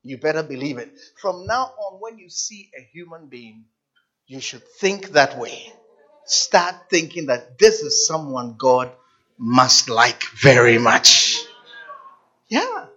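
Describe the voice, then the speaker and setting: A preacher delivering a sermon in a slow, husky voice that rises and falls in pitch. They repeat and stretch key words, move from near-whispers to shouts, and keep asking the congregation whether they understand. The recording sounds dull and lo-fi. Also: lively intonation. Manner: asks the congregation questions.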